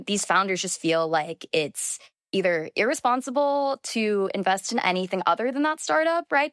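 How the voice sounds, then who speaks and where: A woman's voice: medium pitch, no room sound, clean studio sound. A young woman in her twenties, a journalist guest, chatting freely with many fillers and "like"s. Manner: chatty, lots of filler words and "like". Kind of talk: conversational interview.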